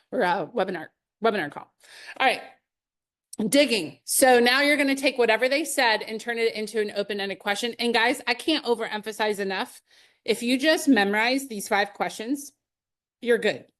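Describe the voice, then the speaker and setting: Her voice is slightly high and fairly bright as she leads a live sales training webinar. The middle-aged presenter sounds upbeat and casual, mixing in personal anecdotes and the occasional light laugh.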